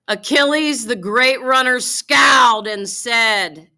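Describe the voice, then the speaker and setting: Woman teacher going over a reading w her class, slow n careful, high bright voice. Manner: careful, guiding, addresses students. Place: classroom with students.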